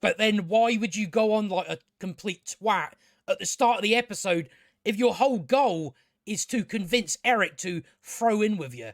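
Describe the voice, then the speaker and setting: A man's voice: high-pitched, animated, normal speed, no echo, studio quality. A man reviewing a TV episode in a rambling casual recap, sarcastic and profane, stumbling over restarts. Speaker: video reviewer.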